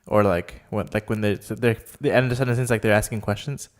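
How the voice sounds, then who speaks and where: A man's voice: on the low side, steady tone, a little fast. A man co-hosting a casual podcast, giving opinions hesitantly with lots of fillers. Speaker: podcast co-host. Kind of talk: casual chat.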